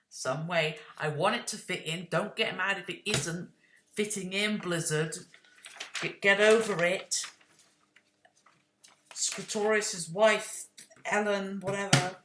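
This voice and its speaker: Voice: mid-range voice, slow, reverberant, background noise. A video creator talking casually and rambling, correcting themselves and snapping defensively at imagined critics. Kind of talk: casual rambling explanation to camera.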